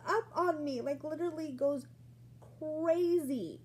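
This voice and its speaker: A woman with a fairly high, breathy voice and a soft, mellow tone tells a personal story to camera. She talks casually and acts out what people said, jumping up in pitch and volume. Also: unhurried. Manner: animated, acts out quoted lines with sudden jumps in pitch and loudness.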